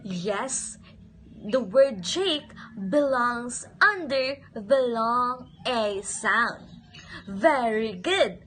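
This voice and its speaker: A high-voiced woman teaching a phonics lesson to young children, speaking very slowly in a sing-song way. She keeps asking questions and repeating each word. Faint noise hums behind her. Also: animated, a bit bright.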